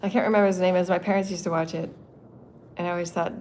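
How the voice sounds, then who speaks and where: A woman's voice: on the low side, flat delivery, fast, a little mellow, a little hiss or hum. A woman in her fifties hosting a spiritual channeling livestream from an indoor meeting room, talking in a loose, rambling way, laughing often and swearing freely. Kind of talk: casual rambling livestream chat.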